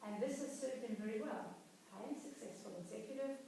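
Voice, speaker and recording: A woman's voice: a little high, brisk, gravelly, mellow. A woman executive coach giving a workshop talk, telling case stories conversationally with frequent restarts. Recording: echoey room, voice far from mic, faint noise.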